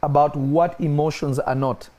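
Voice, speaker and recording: A man's voice: steady tone, moderate pace, warm tone. A man preaching in a spiritual discussion, emphatic and repeating his key points. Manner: emphatic, repeats key phrases, rises in pitch when stressing points.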